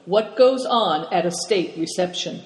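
A man narrating an audiobook in a measured, even storytelling manner. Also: high voice. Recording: echoey room with long reverb.

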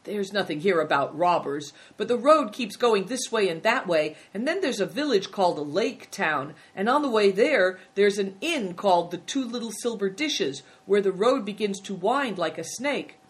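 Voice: medium pitch, expressive, moderate pace, hardly any pauses, pitched above the performer's own voice, lightly acted. A narrator voicing a curious, polite young boy who asks eager questions.

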